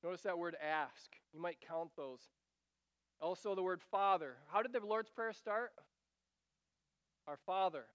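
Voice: medium pitch, expressive, a little slow, pauses often, dry recording. A preacher giving an earnest sermon, reading scripture aloud and breaking off for casual asides and repeated phrases.

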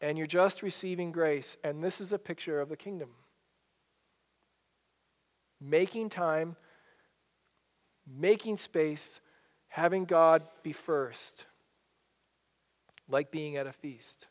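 A man's voice: on the high side, slow, pauses often, big-room sound. A male pastor giving a sermon in a conversational way, often repeating and restarting his phrases. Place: church sanctuary.

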